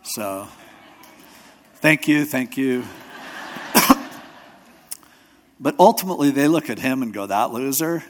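A man's voice: mid-range voice, lively intonation, takes it slowly, pauses often, slight background noise. A man who pastors a church and hosts a radio show, preaching in a conversational sermon style. He tells stories, acts out quotes in other voices, and talks loosely with restarts and asides. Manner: storytelling, acting out quotes in voices.

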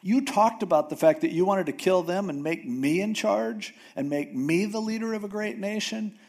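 A man preaching a sermon, retelling a Bible story in a casual, animated way with jokes and acted-out voices. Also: sits high, moderate pace. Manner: animated storytelling, acts out characters with jokey asides. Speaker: pastor.

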